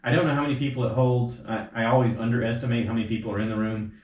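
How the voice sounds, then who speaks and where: Racing along in a medium-pitched voice, a male podcast host rambles through stories in casual chat. He imitates the people he quotes with sudden, animated jumps in his voice. The recording, made at home, is roomy and slightly dull.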